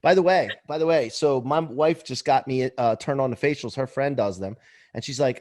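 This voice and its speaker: A man's voice: mid-range voice, moderate pace, a little mellow. A man hosting a casual interview, joking and laughing along with his guest. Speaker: podcast host.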